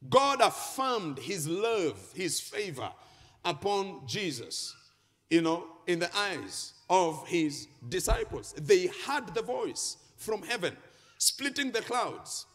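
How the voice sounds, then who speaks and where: In a church hall with echoing reverb, a pastor preaches to his congregation through a handheld microphone, reading scripture and breaking into sing-song emphasis. His voice is high-pitched and fairly bright, with big pitch swings and a slow pace.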